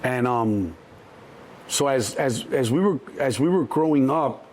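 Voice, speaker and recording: A middle-aged man from Chicago, a guest telling animated street stories, acting out the voices in the quotes and swearing freely. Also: mid-range voice, unhurried, a little hiss or hum. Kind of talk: storytelling interview.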